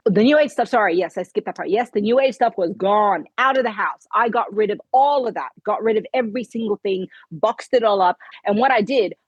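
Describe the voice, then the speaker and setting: A woman's voice: medium pitch, a little fast, hardly any pauses, slightly rough, no room sound, poor audio. Earnest woman telling her story. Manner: earnest storytelling, acting out dialogue. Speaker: podcast guest. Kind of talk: conversational interview.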